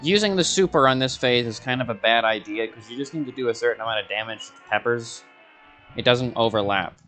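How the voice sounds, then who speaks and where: A gaming video creator speaks quickly in a medium-pitched, somewhat bright voice, with faint music behind him. As he plays, he keeps up a rambling, sarcastic running commentary to himself, broken by frustrated outbursts.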